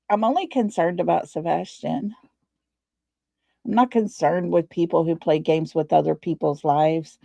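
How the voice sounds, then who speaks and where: A tired, low-energy woman from Texas hosts a casual livestream, chatting in a folksy way and greeting viewers by name. Her voice is fairly low, creaky and warm, with a Texan accent. The audio is dull, with no room sound.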